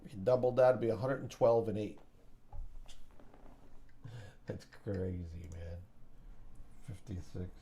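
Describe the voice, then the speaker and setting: A man hosting a live day trading stream, talking casually in a slow, rambling way and poking fun at himself. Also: fairly low pitch, dark tone, husky. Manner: slow, rambling, self-mocking with small laughs.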